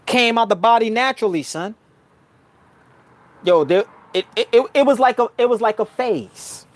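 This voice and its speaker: A man with a New York accent telling a spiritual story in a casual, slangy monologue, calling the listener son and bruh. He swings between loud outbursts and low murmurs. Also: normal speed. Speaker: spiritual vlogger.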